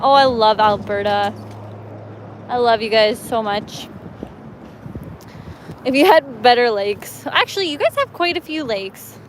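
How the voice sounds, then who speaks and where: A woman's voice: fairly high pitch, animated, measured pace, long pauses, low-quality recording. Young woman, casual livestream host, chatty and giggly, outdoors by a lake, faint background noise. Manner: chatty and giggly, reads viewer comments. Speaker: fishing livestreamer. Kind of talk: casual live-stream chat. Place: outdoors on a lakeshore.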